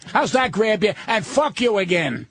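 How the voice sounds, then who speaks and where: A man's voice: high-pitched, lively intonation, normal speed, fairly bright tone, no echo. An older man, a guest comedian on a radio talk show, ranting bluntly and profanely into a studio microphone. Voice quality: gravelly, husky.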